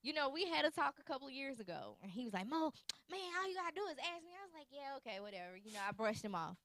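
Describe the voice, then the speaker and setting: A woman hosting a casual talk show, telling a lively story and acting out the exchanges she quotes. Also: high-pitched, racing, no echo, studio quality. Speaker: host. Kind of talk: casual chat.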